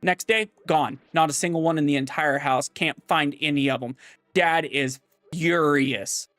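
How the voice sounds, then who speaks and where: A man's voice: on the high side, a bit bright, no room sound. A man telling a long rambling joke in casual, restart-filled chat while gaming. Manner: casual, repetitive restarts, drawn-out storytelling. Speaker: gaming vlogger.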